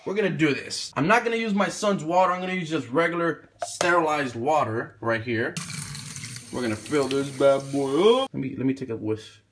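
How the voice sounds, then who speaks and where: A man's voice: a little high, expressive, moderate pace, background noise. A young man doing a crude, joking challenge vlog while recording in a small closet. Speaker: YouTuber.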